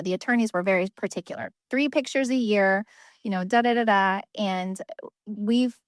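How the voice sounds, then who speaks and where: A woman's voice: mid-range voice, no echo, clean studio sound. A middle-aged woman, an adoptive mother and guest, telling her story in an earnest, emotional way with many small fillers. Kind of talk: heartfelt personal storytelling.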